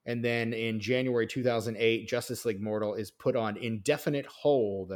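A man's voice: medium pitch, fairly even intonation, moderate pace. A man hosting a film podcast in casual chat, walking through a production history from notes with many fillers and restarts. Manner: rambling, filler-heavy, reads notes. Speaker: podcast host.

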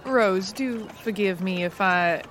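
A woman's voice: mid-range voice, takes it slowly, fairly bright tone, slight background noise. A woman voicing a polite, formal widow in a tabletop game, speaking courteously with a put-on Southern accent. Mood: earnest.

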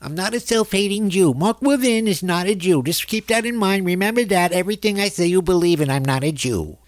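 A woman's voice: fairly low pitch, expressive, brisk, darkish tone, dry recording, voice pushed up, natural voice. A woman mimicking a pompous male talk radio pundit, speaking through a pinched, nasal voice. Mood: mock ranting.

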